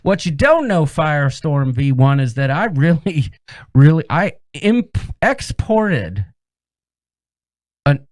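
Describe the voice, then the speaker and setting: A man's voice: very animated, slow pace, no echo, studio quality. Sing-song man with a drawling rooster voice. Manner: sing-song drawl that swoops high on names. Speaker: co-host of a live cruise chat stream. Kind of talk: live stream chat, reading out viewer names.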